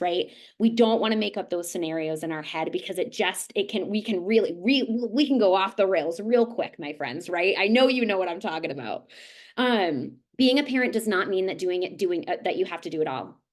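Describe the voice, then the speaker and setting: A woman in her thirties giving an online presentation in a friendly, chatty way. She keeps tagging her points with quick questions to the audience. Her pitch sits in an ordinary middle range. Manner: conversational, with frequent "right?" tags and animated acted-out asides. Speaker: nurse and lactation consultant presenter. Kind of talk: webinar presentation.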